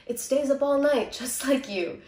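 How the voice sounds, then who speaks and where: A woman voicing a weary, patient older male mouse in a storybook reading, turning down requests in a low, flat way. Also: unhurried. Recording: roomy, distant mic.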